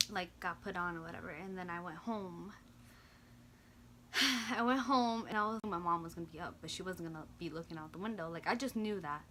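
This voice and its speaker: Young woman, bright voice, animated storytime vlogger, faint background hiss. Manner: animated, swings into loud high-pitched retellings of quoted lines; drops to quiet, low mumbling in reflective parts. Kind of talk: casual storytime.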